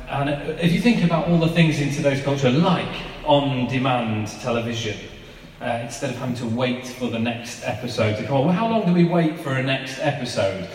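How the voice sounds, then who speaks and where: A man's voice: mid-range voice, a little hiss or hum. A man, giving an informal, chatty sermon and asking his listeners rhetorical questions. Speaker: preacher. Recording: echoey hall from far off.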